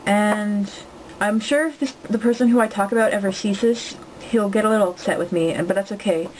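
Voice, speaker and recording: A young woman telling a story to the camera from home, rambling and joking with many quick asides. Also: mid-range voice, darkish tone, a little hiss or hum, low-quality recording. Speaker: vlogger.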